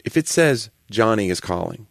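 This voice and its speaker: A man with a light Southern US accent talks in a casual podcast, his pitch leaping about as he rants with playful exasperation. The recording is close and dry, with no room sound. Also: normal speed, vocal fry, dry recording. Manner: animated, ranting, builds to exasperated. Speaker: comedian and podcast host. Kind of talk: casual chat.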